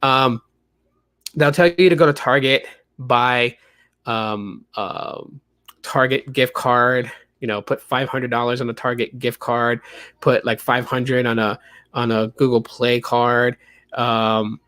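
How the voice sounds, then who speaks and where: A man's voice: mid-range voice, slow pace, fairly bright tone, no room sound. Rambling male podcast host, dry sound. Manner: rambling, with many fillers and restarts. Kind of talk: casual chat.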